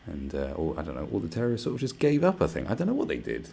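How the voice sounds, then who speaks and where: A man's voice: low-pitched, wildly swooping pitch, rapid-fire, vocal fry, a little mellow, husky. A man hosting a live stream, ranting casually with lots of swearing and sarcastic asides. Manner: profane, sarcastic, mocks others in put-on voices.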